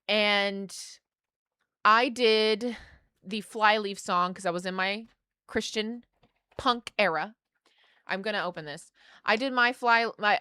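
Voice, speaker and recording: A woman's voice: mid-range voice, sharp tone, clear, resonant tone, no echo, studio quality. A young adult woman streamer chatting casually, rambling through a story full of fillers and restarts. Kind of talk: casual chat on a gaming stream.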